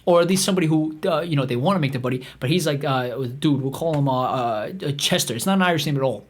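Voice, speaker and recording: A man with a slightly raised pitch rambles through a comic tale. He swears freely and keeps stopping to restart his sentences, like a podcast host riffing off the cuff. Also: quick pace. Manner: profane, meandering, full of restarts and fillers.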